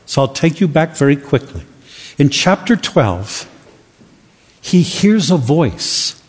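A man's voice: fairly high pitch, very animated, takes it slowly, slightly rough, long reverb tail. A man preaching a sermon, earnest and building to emphatic questions.

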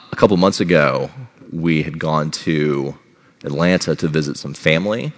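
A man's voice: rumbling low, a bit bright. A middle-aged man giving a sermon as a pastor, conversational and checking in with the congregation. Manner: conversational, checks in with "all right?".

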